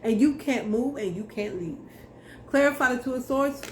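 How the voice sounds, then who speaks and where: A woman's voice: high voice, moderate pace, a little mellow, slight background noise. A young woman giving a casual tarot reading to camera, blunt, slangy and profane as she talks straight to viewers. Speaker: tarot reader.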